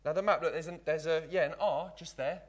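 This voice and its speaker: A man's voice: fairly high pitch, fairly even intonation, fast talker, natural voice. Man playing cheeky apprentice magician. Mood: playful. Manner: chatty, patter-filled, keeps saying "look". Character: young Victorian London apprentice magician, cheeky and eager. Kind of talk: live magic act in character.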